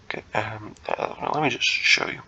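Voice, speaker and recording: A man's voice: moderate pace, bright, forceful tone, dull audio, a little hiss or hum. A man giving casual think-aloud commentary while solving puzzles, muttering to himself, hesitant and self-correcting. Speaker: chess content creator.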